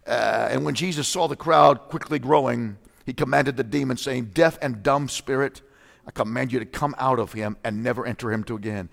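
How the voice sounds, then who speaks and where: A male preacher delivering a fervent sermon, swinging from loud outbursts to low, intense teaching, often clearing his throat. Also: moderate pace. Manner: frequent throat clearing and repeated "come on now". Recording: long reverb of a large hall.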